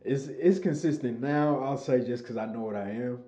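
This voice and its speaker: A man's voice: mid-range voice, moderate pace, dark tone, reverberant, dull audio. A young man from Chicago, a recording artist talking casually as a podcast guest, loose and laid-back, swearing freely. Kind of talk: casual conversation.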